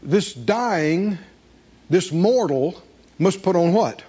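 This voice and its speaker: A man's voice: high voice, expressive, takes it slowly, dark tone, breathy edge, lo-fi sound. A man preaching a sermon, reading scripture and asking the congregation questions to answer back. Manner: call-and-response preaching, rhetorical questions, reading scripture aloud. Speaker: pastor.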